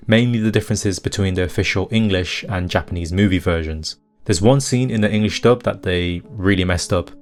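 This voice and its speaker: A man with a low, deep voice narrates a scripted video essay and lays out his analysis point by point. He sounds critical and opinionated, and soft guitar music plays faintly behind him. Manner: analytical, critiquing translation choices.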